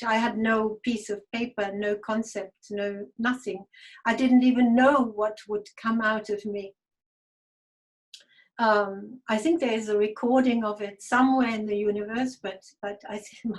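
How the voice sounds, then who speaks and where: A woman telling a personal story to an online group over a video call, halting and hesitant, with many fillers and restarts. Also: mid-range voice. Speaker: guest speaker. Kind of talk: personal testimony talk.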